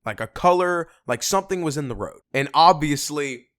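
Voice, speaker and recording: A young man telling a story on a casual vlog, animated and swearing a lot. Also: fairly high pitch, normal speed, no echo, clean studio sound. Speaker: vlogger.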